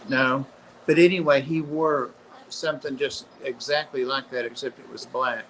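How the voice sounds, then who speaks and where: A man with a mid-pitched, bright and forceful voice, chatting casually with friends. He tells long, wandering anecdotes full of asides and restarts. Faint room ambience hums behind him. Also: fairly even intonation, normal speed, a little hiss or hum, poor audio. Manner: rambling anecdotal storyteller. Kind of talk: casual chat.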